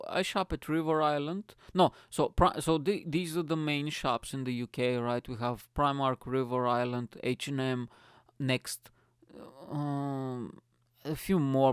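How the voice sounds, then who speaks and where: Profane, rambling young comedian host. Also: male voice, medium pitch, clear, resonant tone, no room sound, clean studio sound. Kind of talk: comedic podcast monologue.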